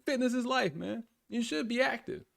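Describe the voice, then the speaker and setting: A man in his thirties telling stories in a casual, colloquial chat, animated and often laughing, with the odd swear word. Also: extremely high pitch, normal speed, vocal fry. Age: 30s.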